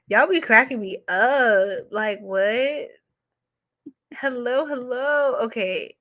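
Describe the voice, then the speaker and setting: Psychic stream host: a woman from New York, slow and playful, laughing often. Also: a little high, fairly bright tone. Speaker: psychic reader, livestream host. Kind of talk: casual livestream chat.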